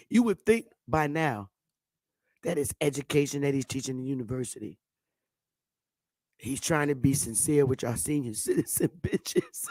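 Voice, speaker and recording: A woman's voice: sits low, no echo, studio quality. A woman vlogger delivering a profane, taunting ranting monologue and laughing often.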